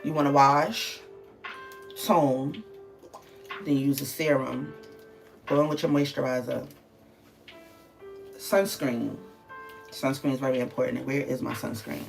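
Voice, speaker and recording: A woman's voice: extremely low pitch, steady tone, unhurried, gravelly, long pauses, faint music behind. A woman from the Bronx, chatting casually on a livestream and answering viewers' comments, loose with fillers. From the Bronx, New York. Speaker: livestream host.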